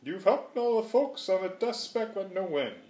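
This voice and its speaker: A man's voice: lively intonation, moderate pace, mellow. A man doing a tiny piping mayor. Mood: grateful. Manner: high, piping and earnest. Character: tiny male mayor of a speck town, polite. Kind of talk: storybook read-aloud. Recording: roomy echo.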